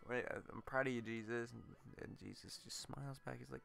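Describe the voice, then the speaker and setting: A man's voice: medium pitch, fairly even intonation, brisk, vocal fry, hardly any pauses, fairly bright tone, faint music behind. A man hosting a let's play, rambling through crude, self-mocking jokes while commenting on the game.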